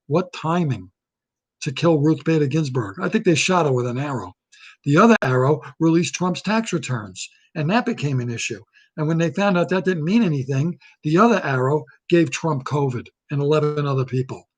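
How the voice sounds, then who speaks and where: Recorded on a webcam or laptop camera, a man with a fairly high voice talks a little fast through a satirical political rant to camera. He's a comedic ranter: heated, indignant and repetitive.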